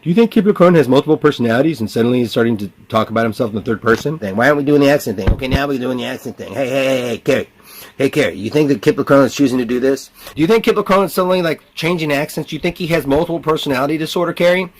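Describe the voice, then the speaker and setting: A man voicing a mocking male tormentor who talks about him in the third person, in excited, jeering bursts. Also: mid-range voice, rapid-fire, few pauses, natural voice. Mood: taunting.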